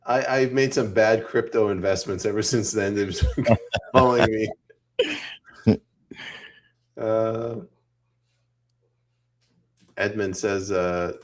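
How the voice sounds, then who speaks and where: A man's voice: on the low side, slow, pauses often. A man from Canada co-hosting a casual political podcast, joking, laughing often and reading audience comments aloud.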